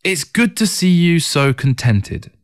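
A man voicing a friendly, wistful young woman who speaks gently in audiobook dialogue. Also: extremely low pitch, wildly swooping pitch, normal speed, no echo, studio quality, exaggerated voice. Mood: gentle.

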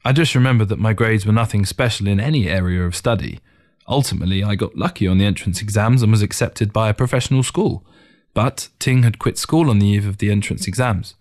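Calm, low-voiced male audiobook narrator. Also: brisk. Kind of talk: scripted narration.

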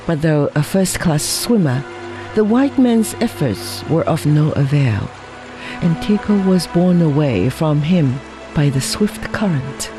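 A narrator reading a story aloud in a slow, measured way. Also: mid-range voice, lively intonation, over music, poor audio. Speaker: audiobook reader.

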